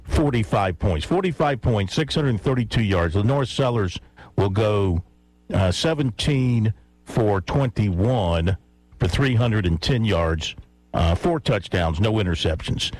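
A man's voice: lowish voice, expressive, a little slow, darkish tone, no echo, soft background music, low-quality recording. A man hosting sports talk radio, making playful predictions and teasing his caller. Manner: playful, teasing, laughs at his own picks.

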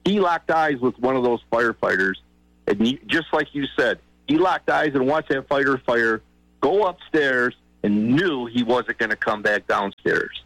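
A man calling in to a radio talk show, telling a story in an emotional, halting way with many restarts. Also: medium pitch, expressive, a bit bright, no room sound, poor audio. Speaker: caller.

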